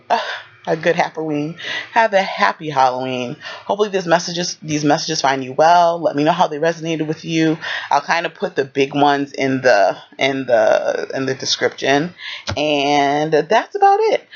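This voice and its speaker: Man, tarot reader, congested, slight lisp, gravelly, highish voice, dull lo-fi audio. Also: expressive. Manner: rambling, halting, with restarts. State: congested from a cold. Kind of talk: pick-a-card tarot reading.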